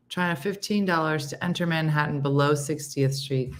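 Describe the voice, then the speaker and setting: A middle-aged woman hosts a relaxed morning chat, her voice sitting low. She talks loosely with fillers and reads viewer comments aloud between her own remarks. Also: moderate pace, few pauses. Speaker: host.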